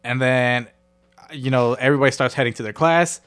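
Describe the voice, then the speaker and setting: A man's voice: medium pitch, a little fast, a bit bright, clear, resonant tone. A young man co-hosting a podcast, telling a childhood story in a profane, laughing way. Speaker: podcast co-host. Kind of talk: casual storytelling chat.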